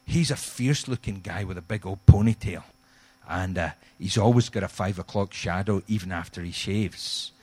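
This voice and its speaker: A middle-aged man preaching a sermon, telling a humorous story with animated, acted-out quotes. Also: low-pitched, normal speed, breathy edge. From Scotland. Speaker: guest pastor.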